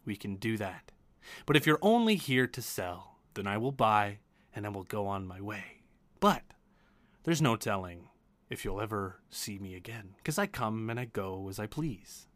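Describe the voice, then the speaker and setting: A man's voice: on the low side, a bit bright, dry recording. Man playing a shrewd woman magic dealer. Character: shrewd mysterious woman magic-item broker. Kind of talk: tabletop game role-play.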